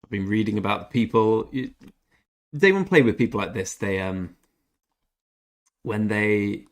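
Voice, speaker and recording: A young man with a British accent and a somewhat low voice chats casually on a gaming livestream. He answers viewers by name and talks in a loose, chatty way, giving blunt opinions with a little swearing. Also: moderate pace. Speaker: gaming streamer. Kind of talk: casual livestream chat while playing.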